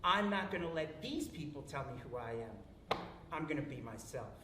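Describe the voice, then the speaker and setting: A man telling a folk story to an audience at a theater, in a relaxed, animated way. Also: mid-range voice, moderate pace. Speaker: storyteller and guest speaker. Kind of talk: live storytelling talk. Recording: roomy, distant, faint noise.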